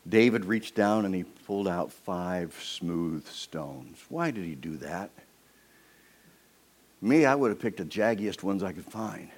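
A man preaching a sermon, retelling a story in an animated way and acting out its scenes. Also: fairly low pitch.

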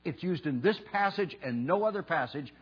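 A pastor preaching a sermon in a church, speaking slowly and emphatically and leading the congregation in call and response. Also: male voice, fairly high pitch, expressive, slightly rough. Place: church sanctuary. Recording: dull lo-fi sound with mains hum.

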